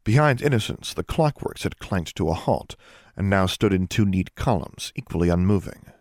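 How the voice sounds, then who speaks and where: A man narrating a fantasy audiobook in a steady, measured storytelling manner. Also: low voice, no echo, clean studio sound. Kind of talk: scripted narration.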